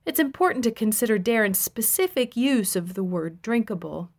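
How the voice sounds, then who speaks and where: A woman, around her thirties, reading her memoir aloud with dry, deadpan humor. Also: a little high, moderate pace. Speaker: narrator. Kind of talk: memoir audiobook narration.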